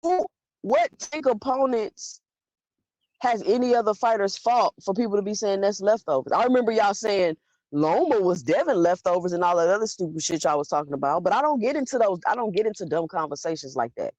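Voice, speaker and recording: A woman's voice: mid-range voice, expressive, a little fast, a little mellow, no echo, lo-fi sound. Blunt woman host talking to chat. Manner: blunt, argumentative, talks straight to the chat. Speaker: livestream host. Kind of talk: live commentary talking to chat.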